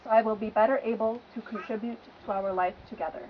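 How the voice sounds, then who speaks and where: A woman officiating a wedding, leading the ring exchange in a clear, measured, formal way outdoors by a lake. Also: a little high, steady tone, dull audio, slight background noise.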